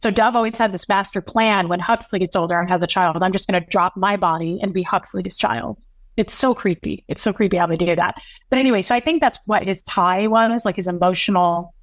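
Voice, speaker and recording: Woman in her thirties, earnest and halting storyteller, mid-pitched voice, dry close sound. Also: dry recording. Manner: earnest, halting, full of restarts and quoted dialogue. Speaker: podcast guest. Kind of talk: emotional personal storytelling.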